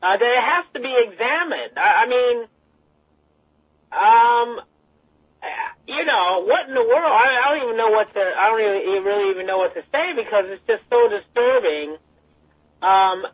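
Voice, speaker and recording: A woman co-hosting a political talk radio show, outraged and halting as she searches for words. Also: a little high, animated, slightly rough. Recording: dry lo-fi radio sound.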